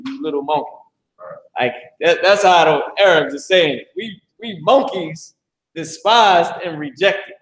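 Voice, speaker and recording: A man leading a loose classroom lecture, slangy, blunt and profane, often drifting into asides. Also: on the high side. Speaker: teacher. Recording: very echoey room.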